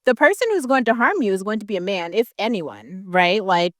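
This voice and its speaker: Brisk and expressive, a vlogger with a medium-pitched, fairly bright voice delivers a casual, profane rant to camera. Heavy "like" fillers and sudden laughs mid-sentence run through her heated talk, captured in studio quality with no echo.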